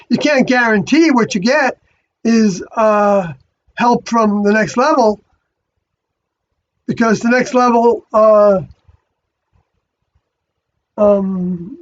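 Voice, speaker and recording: Rambling spiritual monologue, hesitant delivery, dull recording. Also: medium pitch. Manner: halting, many fillers and restarts, self-correcting.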